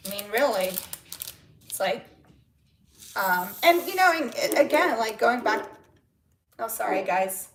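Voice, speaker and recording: A woman with a slightly raised voice hosts a casual live stream from home. She is chatty and excitable, and she gets higher and louder when something thrills her. The room around her has a noticeable echo. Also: slight background noise. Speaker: livestream host chatting with viewers. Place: at home with barking dogs. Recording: echoey room.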